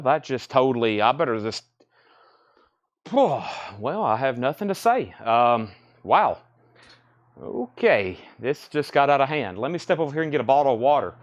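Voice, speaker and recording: A man's voice: mid-range voice, muffled recording. Chatty man hosting a live record auction. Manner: chatty, repeats lot details and prices. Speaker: host of a live record sale. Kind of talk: casual live auction patter. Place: record shop.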